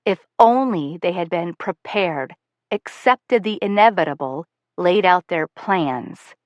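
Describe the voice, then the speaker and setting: A young male teacher recites his poem in a calm and deliberate way, as a woman narrator reads his lines. The voice sits a little low and unhurried. It is a dry, close audiobook recording. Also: no room sound. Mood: earnest.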